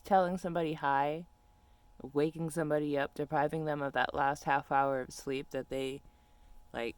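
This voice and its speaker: A young adult vlogger telling a story in a casual rant, animated and exasperated, swearing freely. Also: medium pitch, vocal fry, no echo.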